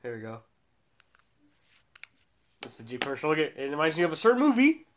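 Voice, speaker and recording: A man with a slightly high voice hosts a casual chat, walking through commercials in an easygoing way. His sentences often trail off or restart. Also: wildly swooping pitch, fast talker, background noise. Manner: laid-back, trailing sentences, says dude. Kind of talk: casual chat reviewing ads.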